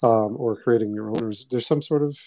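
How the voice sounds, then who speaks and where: A man hosts a casual podcast interview with a warm, mellow voice. He sounds eager but halting, and the recording is close and dry. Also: medium pitch, dry recording. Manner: eager, halting, keeps saying awesome. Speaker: podcast host.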